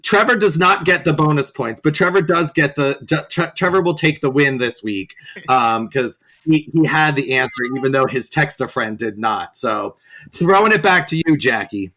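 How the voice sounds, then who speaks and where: Bright-voiced playful male podcast host. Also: on the high side, expressive, moderate pace. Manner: laughs often, playful quiz-master. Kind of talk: casual podcast chat.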